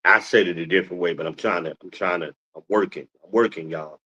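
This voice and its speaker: A man's voice: deep voice, fast talker, breathy edge, lo-fi sound. Scolding man preaching on a stream. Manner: animated, scolding, preacher-like cadence. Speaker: podcast host. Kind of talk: casual streamed monologue, preaching.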